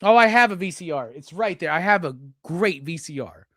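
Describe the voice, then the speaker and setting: A man hosting a live stream, unboxing gifts and gushing with loud, profane excitement. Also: sits high, a little fast, dry recording, clean studio sound. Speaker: live show host.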